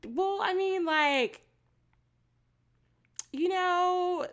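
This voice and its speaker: A woman co-hosting a podcast, chatting casually and recapping a TV show with lively, profane storytelling and quoted asides. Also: extremely high pitch, drawn-out words. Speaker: podcast co-host.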